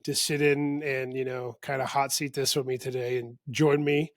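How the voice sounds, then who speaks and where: A man's voice: mid-range voice, level tone, normal speed, no echo, clean studio sound. A man hosting a podcast, easygoing and enthusiastic, reacting with slangy remarks. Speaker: podcast host. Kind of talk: casual chat.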